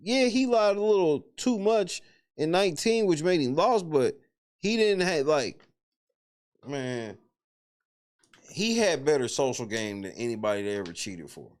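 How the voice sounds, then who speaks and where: A man in casual commentary, voice sitting a touch high and swinging widely in pitch. He talks in profane bursts and exclaims in disbelief. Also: expressive, measured pace, long pauses, a little mellow. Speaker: host. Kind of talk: casual commentary on a reality show.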